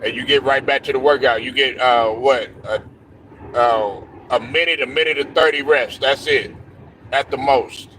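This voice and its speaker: A man's voice: mid-range voice, moderate pace, pushed and bright, slight background noise. A young man hosting a casual sports talk show, telling stories loosely with slang, cursing and laughs.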